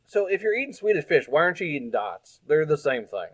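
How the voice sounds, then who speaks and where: A man's voice: fairly high pitch, very animated, quick pace, fairly bright tone. A man playing a fuzzy, friendly monster guest who grumbles and argues in casual podcast chat. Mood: grumbly. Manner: grumbly, argumentative.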